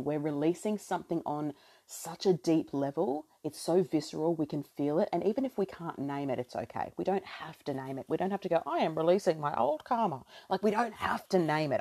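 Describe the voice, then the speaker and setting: A woman's voice: sits low, mellow. An Australian woman in her thirties hosting a podcast, talking in a reflective, emotional spiritual monologue with many fillers. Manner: reflective and emotional, full of "you know" fillers. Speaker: podcast host.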